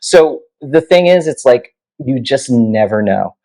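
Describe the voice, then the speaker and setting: Unhurried and mid-range, the voice belongs to a man in his thirties who's a guest musician telling stories in a casual interview. His anecdotes are animated and stuffed with "you know" and "like," and the recording is low quality.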